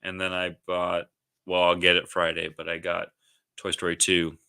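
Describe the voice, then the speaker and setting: Co-host, male, deep and bright, loose rambling chat, dry room. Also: completely flat delivery, normal speed, gravelly, smooth, no echo. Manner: rambling, restarts, many likes. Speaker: podcast co-host. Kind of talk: casual chat. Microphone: live stream mic.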